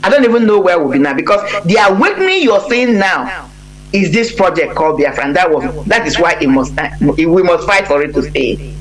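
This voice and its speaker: A man's voice: fairly high pitch, very animated, fairly quick, crowd noise, low-quality recording. A man, speaking as a guest on a live broadcast in an earnest, emphatic way, often breaking off and restarting his sentences. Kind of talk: impassioned conversational talk.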